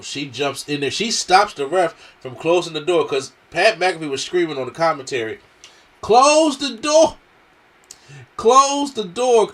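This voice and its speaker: A man with a strained, worn throat talks through a wrestling event at an everyday middle pitch. His delivery is animated and slangy, and he jumps into bits of other people's voices. It sounds like a relaxed casual review.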